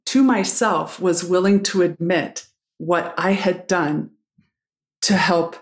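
A woman's voice: on the low side, level tone, slow, roomy sound. A woman pastor speaking as a guest, frank and reflective in a candid conversation, with the odd blunt swear word.

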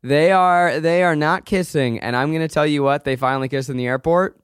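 A man's voice: fairly high pitch, a little fast, noisy background. A man co-hosting a casual movie podcast, leading the talk and telling stories with emphasis. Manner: emphatic, storytelling, leads the segments. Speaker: podcast co-host.

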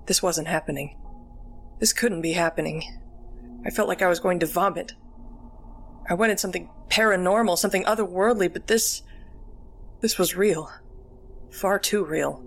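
A woman narrating a first-person horror story in a steady, measured storytelling manner. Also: on the low side, a little hiss or hum.

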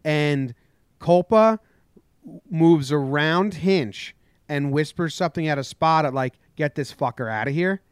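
Animated man telling a sports story. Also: on the high side, a little slow, clean tone, no echo, clean studio sound. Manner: animated storytelling, acts out shouted quotes. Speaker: podcast co-host. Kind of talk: casual sports chat.

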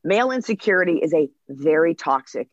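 A woman comedian talks as a podcast guest, telling animated stories and slipping into bits of acted-out dialogue. Her voice sounds dry and close. The recording is slightly dull and lo-fi. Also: low voice, fairly quick, no room sound. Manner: animated storytelling, acts out dialogue. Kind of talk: podcast interview.

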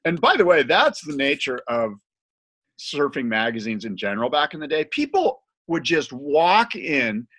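A man telling stories in a casual podcast chat, animated and laughing, acting out other people's voices. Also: a little high, moderate pace. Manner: animated, laughing storyteller who acts out voices.

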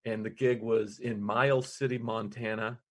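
A male comedian guest casually telling a story, animated and laughing through his lines. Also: on the low side, moderate pace.

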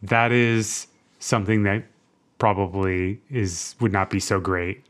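A man's voice: fairly low pitch, steady tone, a little slow, a bit bright. Chatty man recapping a show. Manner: chatty, laughs often, lots of "like" fillers. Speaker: podcast co-host. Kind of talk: casual chat recapping a TV episode.

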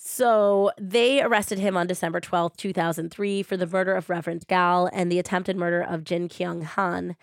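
Woman podcast host, low voice, dry close mic, chatty true crime storytelling. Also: dry recording. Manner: animated, paraphrases quotes in quick bursts.

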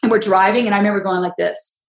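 A woman's voice: mid-range voice, fast talker, roomy sound, rough recording. A woman hosting a podcast, telling stories in a casual chat and acting out what people said. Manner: animated storyteller, acts out quotes. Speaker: podcast host.

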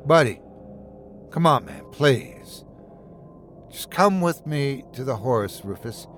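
Male narrator voicing a remorseful chained man; low, subdued, weary. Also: expressive, slow pace, fairly bright tone, soft background music. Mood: resigned.

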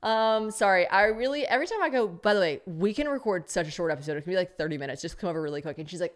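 A woman's voice: lowish voice, expressive, very fast, few pauses, a bit bright. A woman in her thirties hosting a comedy podcast, talking in a brash, joking, profane way. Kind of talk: casual podcast chat.

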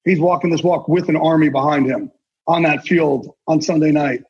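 Intense husky man with a high voice. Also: fairly even intonation, normal speed. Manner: intense, earnest, salty language. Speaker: guest, sportswriter and NFL insider. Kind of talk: casual podcast conversation. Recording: dull lo-fi sound.

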